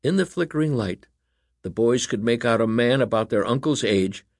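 A man reading a children's story aloud as narrator, in an animated, expressive way. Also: medium pitch, normal speed, creaky, no echo, clean studio sound.

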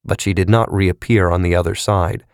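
Low-voiced man narrating an audiobook. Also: clear, resonant tone, no room sound, studio quality. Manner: measured, expressive storytelling.

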